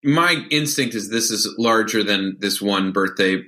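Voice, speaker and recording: A comedian guest on a podcast, joking around over a video call in a playful, punning way. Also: male voice, measured pace, bright, forceful tone. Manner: playful, punning, jumps up in pitch for jokes. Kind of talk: casual comedic chat.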